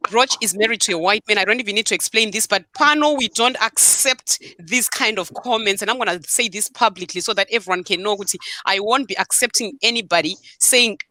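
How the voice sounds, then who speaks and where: A woman hosts a live online show over a video call, firm and direct with her viewers, slipping Shona into her English. Her voice is bright and forceful. The sound is dry, with no room echo. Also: mid-range voice, fairly quick, few pauses. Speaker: host.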